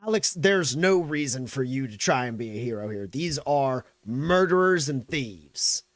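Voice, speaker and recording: A man doing male military colonel, threatening, commanding, loud, higher than his own voice. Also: expressive, a little slow, no room sound, lightly acted.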